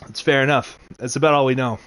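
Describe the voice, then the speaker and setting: A man's voice: mid-range voice, fairly even intonation, quick pace, a bit bright, slight background noise. A man hosting a let's play, chatting casually and laughing easily. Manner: laughing, easygoing. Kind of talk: casual gameplay commentary. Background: game music.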